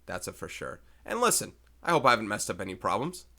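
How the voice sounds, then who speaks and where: Chatty math teacher with a bright voice. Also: male voice, fairly low pitch, very animated, fast talker. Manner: chatty, thinks aloud while solving problems. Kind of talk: recorded math lecture, working problems aloud.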